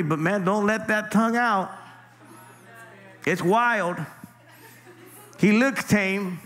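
A man's voice: high-pitched, unhurried, pauses often, pushed and bright. A man preaching a sermon as pastor, talking in a loose, conversational way with frequent restarts and "man" tossed in. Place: church sanctuary.

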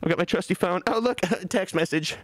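A man's voice: high voice, brisk, a bit bright, no room sound, studio quality. A male streamer doing a mock-melancholy, self-pitying comic bit in casual stream chat, breaking into laughs, speaking from his office. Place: office, sitting on a beanbag.

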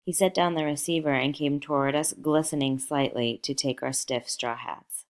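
A woman narrating a novel aloud in a measured, expressive storytelling manner. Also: low voice. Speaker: audiobook narrator.

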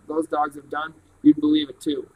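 A man's voice: fairly high pitch, completely flat delivery, normal speed, slight background noise, close to an everyday voice, poor audio. A man reading an admiring adult hunting judge's lines in an earnest, convinced way.

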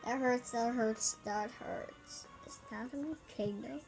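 A woman's voice: on the high side, slow, creaky, over music. A woman giving casual gameplay commentary, hesitant and giggly, with lots of ums. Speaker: gamer.

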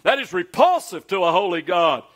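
Man, pastor, sermon, high voice, peppers the congregation with questions. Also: sing-song, normal speed, a bit bright. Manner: conversational preaching, stream of rhetorical questions.

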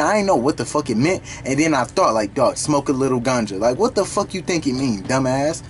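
A young man hosting a reaction video, talking casually and profanely as he pauses a song to break down its lyrics. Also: on the high side. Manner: animated, profane, slangy, stops the song to explain lyrics.

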